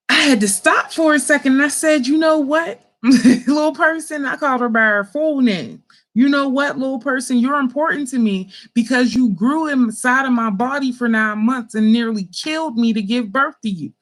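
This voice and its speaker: A woman hosting an online talk, telling a family story in a casual, animated, profane way with slangy speech and frequent laughter. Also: high voice, moderate pace. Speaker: host.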